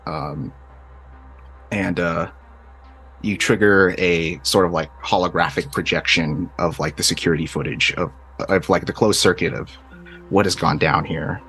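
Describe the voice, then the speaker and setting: A man's voice: low voice, fairly even intonation, a little slow, a bit bright, husky. A man running a tabletop game, describing scenes loosely with lots of fillers, over faint music. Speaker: game master.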